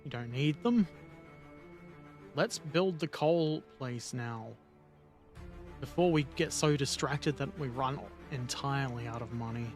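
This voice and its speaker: A man's voice: medium pitch, a little slow, pauses often, darkish tone, faint music behind. A man casually commenting while playing a video game, rambling and joking to himself as he goes. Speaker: gaming video host. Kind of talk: casual let's-play commentary.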